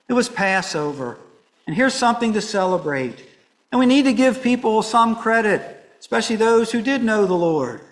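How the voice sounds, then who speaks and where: High-voiced man preaching a sermon. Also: poor audio. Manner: expressive, swinging from soft hushed lines to raised emphatic ones.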